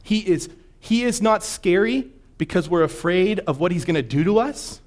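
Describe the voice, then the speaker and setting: A man preaching a sermon in a conversational way, often checking in with his listeners and slowing down to read scripture with emphasis. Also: high-pitched, animated.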